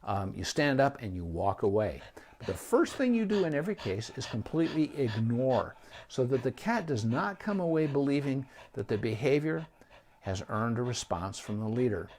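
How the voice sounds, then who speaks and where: A middle-aged man talks through pet care as a veterinarian, unscripted and easygoing. He pauses on fillers and restarts his sentences often. His pitch sits in an ordinary middle range for a man. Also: big pitch swings, a little mellow. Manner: conversational, with frequent ums and restarts. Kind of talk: unscripted advice talk.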